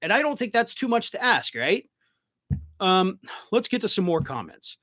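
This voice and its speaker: A man's voice: high voice, very animated, moderate pace, pushed and bright. A middle-aged man hosting a live political stream, reading viewer comments and answering them bluntly, swearing when he gets worked up.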